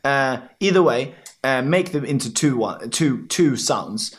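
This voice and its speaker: A man's voice: medium pitch, lively intonation. Guy who speaks english natively walking thru tricky chinese sounds, says each one over and over. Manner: demonstrating sounds by repeating them slowly. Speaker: learner teaching pronunciation. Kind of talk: casual language lesson chat.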